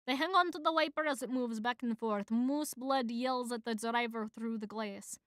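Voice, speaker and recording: Bright-voiced young woman reading a script. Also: a little high, normal speed, hardly any pauses, clean tone, no room sound, studio quality. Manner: casual, rambling, fillers. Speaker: streamer. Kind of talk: casual script read-through.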